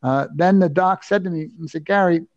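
Older guy telling his story, emphatic and sure of himself, kinda high voice, muffled dry sound. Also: a little fast, no echo. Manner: animated, emphatic, self-assured. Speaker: guest. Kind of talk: anecdotal storytelling.

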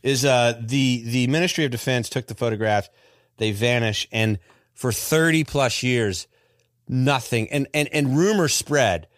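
A man telling a story in a casual podcast chat, animated and rambling, with many restarts and fillers. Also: medium pitch, a little slow, no room sound, studio quality. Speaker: podcast host.

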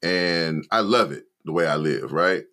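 A man's voice: low-pitched, measured pace, sharp tone. A man co-hosting a podcast, talking in a laid-back, conversational way. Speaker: podcast co-host. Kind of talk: casual discussion.

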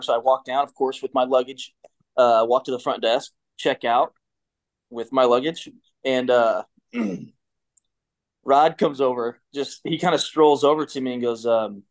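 A man in his thirties, a guest telling a story in a casual, rambling way with many restarts and fillers. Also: mid-range voice. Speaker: guest, former pitcher.

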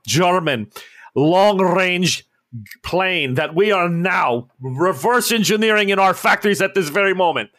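A man's voice: high voice, a bit bright, pitched above the performer's own voice. A man voicing a boisterous Russian male officer with a Russian accent, jovial and grandiose.

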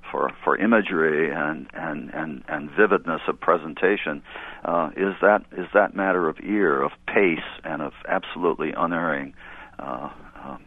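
Low-voiced guy on a tinny phone line, teacher on a radio panel, stumbles and repeats himself. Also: no room sound. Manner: halting and emphatic, repeating words. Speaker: literary scholar guest.

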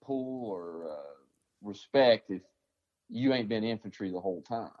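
A man's voice: on the low side, expressive, a little slow, muffled recording. A man from the American South, an army veteran, telling his stories bluntly in a casual interview, swearing often and rambling with many fillers.

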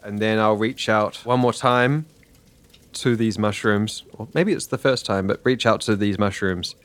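A man's voice: fairly low pitch, a little slow, fairly bright tone. A man playing a tabletop game, casually stating his character's actions. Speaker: player.

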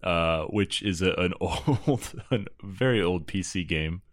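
A man co-hosting a casual podcast chat, joking, laughing often and filling pauses with "uh". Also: low-pitched, no room sound, studio quality. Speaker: podcast co-host.

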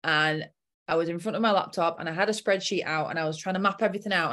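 A woman's voice: lowish voice, fairly even intonation, racing, fairly bright tone. A young adult woman coach telling a personal story in a casual chat and acting out her own inner voice.

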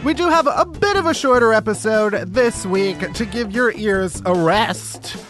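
A man's voice: sits high, measured pace, fairly bright tone, soft background music. A man hosting a comedy podcast in a studio, ranting in a sarcastic, profane way. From Chicago, US. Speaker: podcast host. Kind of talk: casual comedic chat.

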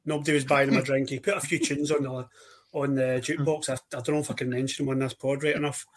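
A man's voice: medium pitch, flat delivery, fast. A Scottish man co-hosting a podcast, chatting casually in a wry, storytelling way. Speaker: podcast co-host.

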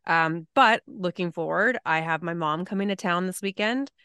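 A woman co-hosting a podcast in casual chat, talkative and quick to laugh. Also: fairly low pitch, pushed and bright, clean tone, dry recording, clean studio sound. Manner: chatty, laughs often, quick asides. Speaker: podcast co-host.

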